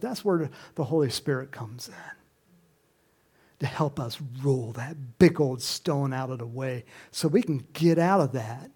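A preacher delivering an animated sermon, swinging between hushed and loud passages. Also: mid-range voice.

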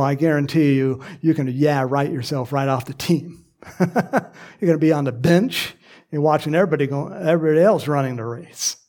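A man preaching to his congregation in a fairly high voice. He is animated and emphatic, and he breaks off to tease people in the pews. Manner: animated, joking asides with the congregation. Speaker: pastor. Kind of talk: sermon.

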